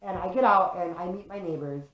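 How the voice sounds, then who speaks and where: Speaking straight to camera, a young woman vlogger tells a story in an animated, loose-tongued way, swearing often and filling her sentences with "like." Her voice is a little low for a woman, she talks a little fast, and the room rings with echo.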